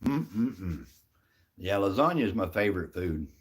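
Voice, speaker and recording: A man's voice: lowish voice, expressive, normal speed. A middle-aged man casually chatting on a live stream, answering viewers by name in a folksy, easygoing way. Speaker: livestream host reading chat.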